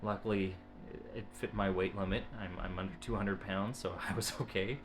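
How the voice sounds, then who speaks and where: A man speaks to his own camera in a casual vlog update, his voice sitting on the low side. He talks haltingly, pausing and restarting phrases as he gathers his thoughts. A faint hiss runs under the recording. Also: fairly even intonation. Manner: halting, searches for words, often restarts phrases. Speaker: father giving a family update. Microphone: camera he adjusts himself.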